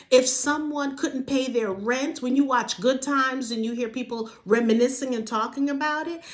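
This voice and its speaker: High-voiced woman ranting emphatically. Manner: emphatic, repeats rhetorical questions; casual vernacular, sudden jumps in pitch. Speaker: vlog host. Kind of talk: passionate monologue to camera.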